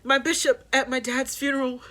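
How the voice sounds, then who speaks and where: A woman hosting a personal grief podcast, talking candidly and haltingly, repeating herself as she works through her thoughts. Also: sits high, steady tone, bright, forceful tone. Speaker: podcast host.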